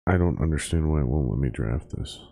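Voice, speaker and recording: Man, very low voice, casual host, swearing, exasperated, drinking, dry close sound. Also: lively intonation, a little fast, gravelly, dark tone, breathy edge, dry recording. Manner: swearing, exasperated, talks to himself. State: drinking while talking. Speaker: podcast host. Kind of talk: casual profane rant and phone chat.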